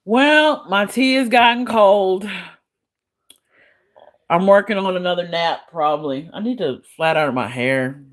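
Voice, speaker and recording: A woman live streaming who talks to her chat in a slow, unhurried drawl. She is blunt and sassy, swears freely, and laughs often as she answers the trolls in her chat. Her voice sits in a middle pitch range. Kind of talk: casual livestream chat answering viewers.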